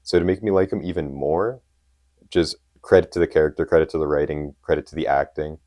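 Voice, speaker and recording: Deep-voiced young man gushing about movies. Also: fairly even intonation, brisk, mellow. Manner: enthusiastic, emphatic fan talk. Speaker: podcast co-host. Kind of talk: casual chat.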